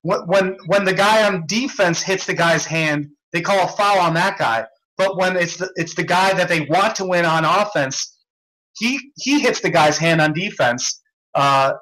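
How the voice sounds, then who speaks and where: Young man, podcast host, casual rant. His voice sits on the high side with a sharp, forceful edge. He repeats himself and restarts sentences as he grows agitated. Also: poor audio. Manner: agitated, repetitive storytelling with many restarts.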